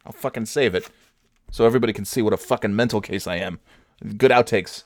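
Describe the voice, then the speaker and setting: A man's voice: lowish voice, fast talker, no room sound. A man hosting a podcast, ranting furiously and swearing at his computer. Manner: furious, profane ranting and shouting. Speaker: podcast host.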